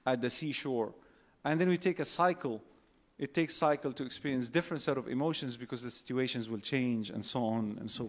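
High-pitched guy preaching on stage, lively, keeps asking the crowd stuff. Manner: animated, asks the crowd questions and acts out quotes. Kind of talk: religious talk to a live audience. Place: large convention hall. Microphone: holding a phone and a mic on stage.

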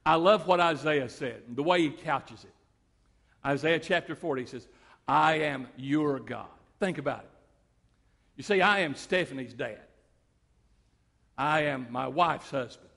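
A man preaching a sermon as pastor, moving between loud declarations and quiet stories. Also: fairly high pitch, measured pace, creaky, pauses often, in a large hall. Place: church sanctuary.

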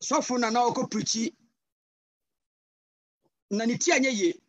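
A man with a Ghanaian accent preaching a sermon over a video call, passionate and switching between English and Twi with sudden loud cries. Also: extremely high pitch, slow pace, no room sound. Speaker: guest pastor.

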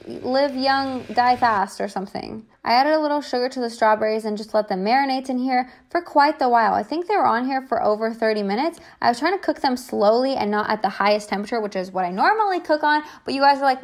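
A woman's voice: on the high side, a little fast, few pauses. A young woman talking casually through her vlog, joking and poking fun at herself as she cooks and tastes food. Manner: jokey, self-mocking, chatty. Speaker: vlogger. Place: home kitchen.

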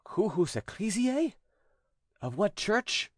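A man's voice: sits high, sing-song, slow pace, dry recording, studio quality, pitched above the performer's own voice, heavily acted. A male narrator voicing a stern priest-exorcist who puts formal, commanding questions to a demon.

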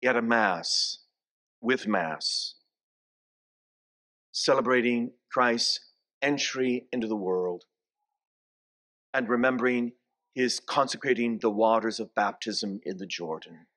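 Man, 60s, bishop, homily, slow unhurried delivery, church with a distant echo. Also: mid-range voice, pushed and bright. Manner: slow, story-telling preacher who coaxes the congregation to repeat greetings.

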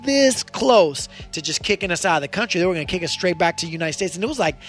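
A man hosting a podcast, telling a road story in a casual, animated way and swearing freely. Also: high-pitched, quick pace, faint music behind. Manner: animated, acts out voices in his stories, swears freely. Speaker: podcast host.

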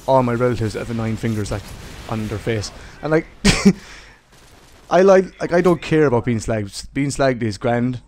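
A man's voice: mid-range voice, lively intonation, unhurried, a little mellow. A young Irishman with an Irish accent, ranting casually to his viewers in a rambling, profane, jokey way. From Ireland. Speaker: gaming vlogger. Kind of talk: casual rant to camera.

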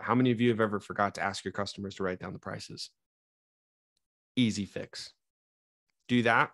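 A young man leads a sales training session in a lively, up-and-down voice, talking straight to his team. His voice sits fairly low. The sound is dry and close, with almost no room in it. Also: no room sound. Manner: energetic, up-and-down delivery, talks straight to his trainees.

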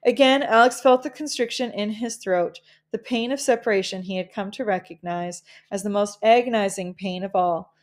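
A woman reading a children's novel aloud in a gentle, measured storytelling manner. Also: mid-range voice. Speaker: audiobook reader.

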